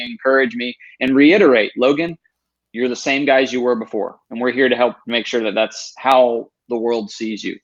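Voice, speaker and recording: A man in his thirties, a podcast guest telling his own story in an earnest, animated way. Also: medium pitch, lo-fi sound. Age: 30s.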